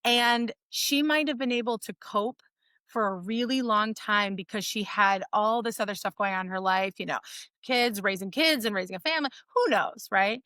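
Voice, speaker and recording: A woman physical therapist, a guest on an interview show, explaining her work in casual, animated talk full of "like" and "right?". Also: mid-range voice, moderate pace, no room sound. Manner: animated storytelling, frequent "like" and "right?".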